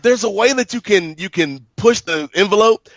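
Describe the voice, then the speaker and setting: Slightly high-voiced man telling a story. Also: expressive, a bit bright, no echo. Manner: measured, storytelling, repeats words while thinking. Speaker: podcast co-host. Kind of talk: casual chat.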